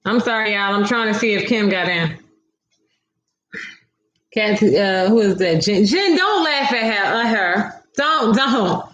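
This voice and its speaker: A woman's voice: mid-range voice, expressive, a little slow, fairly bright tone, reverberant, lo-fi sound. A woman hosting a casual livestream, reading viewer comments aloud and talking back to her audience with a sassy, laughing manner.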